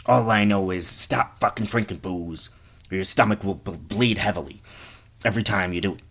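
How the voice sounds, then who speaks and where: A man voicing a careless doctor who delivers a warning bluntly and swears as he talks. The voice is low and close to the man's natural speech. It sounds like a casual comic aside. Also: normal speed, fairly bright tone, breathy edge, full character voice. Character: blunt, foul-mouthed male doctor.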